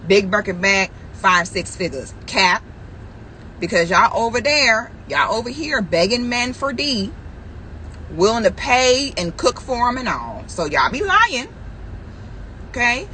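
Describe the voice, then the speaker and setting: A woman vlogger with a bright, ringing voice that swoops up and down as she tells a story, acting out what people said. She talks straight to her viewers and laughs often. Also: on the high side, a little hiss or hum, rough recording. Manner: acts out quoted voices, laughs often, addresses viewers directly. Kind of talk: animated storytelling rant.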